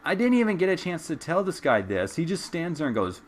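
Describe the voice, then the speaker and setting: Animated young man telling stories. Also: fairly high pitch, a little fast, slight background noise. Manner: animated, chatty, casual swearing. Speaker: gameplay streamer. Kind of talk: casual storytelling while gaming.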